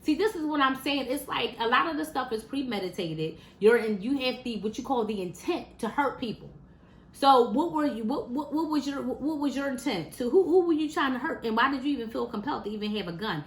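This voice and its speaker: A woman's voice: sits high, expressive, a little fast. Exasperated woman venting in an echoey room. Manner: exasperated, repeats words, fires rhetorical questions. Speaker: vlogger. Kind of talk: casual opinion monologue to camera. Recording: roomy echo.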